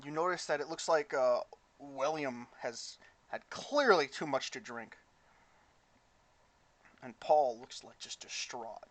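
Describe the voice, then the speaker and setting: A man running a tabletop game as game master, narrating in a casual, halting way. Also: medium pitch, animated, a bit bright.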